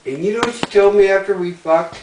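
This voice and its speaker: A man's voice: sits high, a little fast, noisy background. A man telling a crude family story in blunt, profane casual talk, raising his voice when he quotes people. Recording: echoey room, mic far off.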